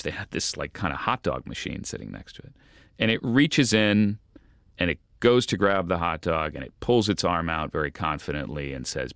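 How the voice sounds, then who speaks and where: A man, a journalist guest in an interview, telling a story in an animated way with stumbling restarts and amused asides. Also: deep voice, moderate pace, no room sound, clean studio sound.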